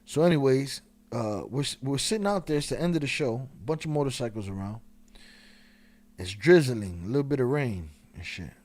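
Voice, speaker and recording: A man hosting a live stream, telling a profane, animated story in a casual way and laughing along. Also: mid-range voice, moderate pace.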